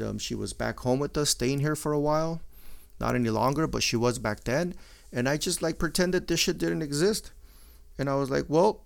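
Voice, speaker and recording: A middle-aged man, his voice gravelly with fry. He talks in a casual, blunt monologue full of swearing and Spanish slang. His pitch sits in an ordinary middle range. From Mexican-American. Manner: profane, blunt, mixing Spanish slang into English.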